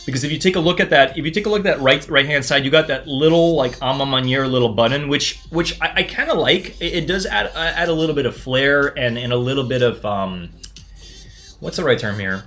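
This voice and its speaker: A man hosting a live sneaker unboxing stream, talking in a casual, excitable way and often stumbling and restarting his sentences. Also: medium pitch, brisk, faint music behind. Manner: excitable, chatty, frequent restarts and stammers. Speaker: sneaker livestream host.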